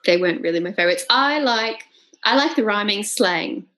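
A young woman, co-hosting a casual podcast chat, chatty and quick to laugh. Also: mid-range voice, animated, a bit bright, low-quality recording. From Australia. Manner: chatty and giggly, mimics accents. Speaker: podcast co-host.

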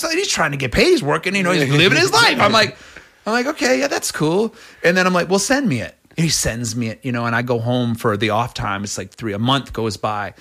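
Middle-aged male rock singer, interview guest, bright and forceful tone, loose rambling storyteller. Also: very animated, a little fast. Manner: rambling, many restarts, acts out quotes in a much higher voice. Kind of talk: animated casual interview storytelling.

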